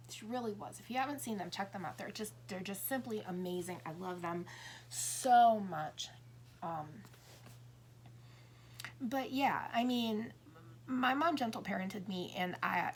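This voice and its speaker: Rambling woman in her fifties, faint hiss. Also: medium pitch. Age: 50s. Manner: rambling, self-interrupting, acts out little dialogues. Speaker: tarot reader. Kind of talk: casual monologue.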